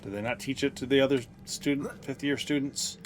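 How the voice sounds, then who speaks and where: A man's voice: medium pitch, a little fast, slight background noise. A man casually commenting on his gameplay in a wry, offhand way, often muttering to himself. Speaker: streamer. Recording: game music loud underneath.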